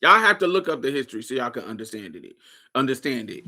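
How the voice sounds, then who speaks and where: Fast and sharp, this man's mid-range voice swings widely in pitch. He's an Indianapolis podcast host giving casual livestream commentary, cursing freely and repeatedly making sure his audience keeps up.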